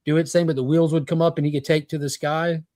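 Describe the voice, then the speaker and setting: An opinionated man on a casual pop culture panel, talking bluntly and cursing easily. His voice is mid-pitched and sits dry and close, with little room sound. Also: little pitch movement, quick pace, darkish tone, dry recording. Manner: opinionated, swearing freely.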